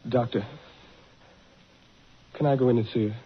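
An actor playing a desperate, anguished husband in an old radio drama, with a dull recording and faint hiss. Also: male voice, mid-range voice, fairly even intonation, normal speed, close to an everyday voice. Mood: pleading. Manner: anguished, pleading, breaking into wild cries. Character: desperate husband named John.

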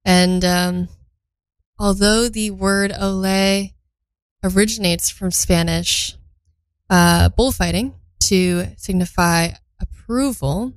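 A woman's voice: medium pitch, takes it slowly, smooth, dry recording, rough recording. A young woman from Belgium hosting a casual radio show, chatting between songs and thinking aloud as she reads facts for the first time.

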